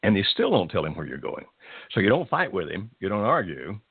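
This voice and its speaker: Deep-voiced man giving calm advice. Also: a little fast, breathy edge, no echo, phone-quality sound. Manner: calm, gentle, reassuring advice. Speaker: radio advice host. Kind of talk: call-in advice show.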